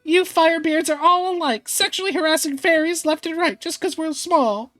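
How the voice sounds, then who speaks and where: A man's voice: extremely high pitch, normal speed, fairly bright tone, no echo, faint music behind, voice pushed up. A man voicing a tiny female fairy thief who shrieks with melodramatic outrage in a tabletop game. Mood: indignant shrieking.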